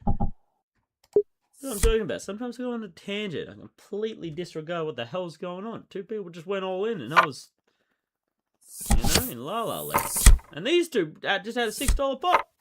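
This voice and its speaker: Playing online poker, a man keeps up a brisk running commentary in very noisy surroundings. He thinks out loud casually, veering from excited bursts to quiet muttering.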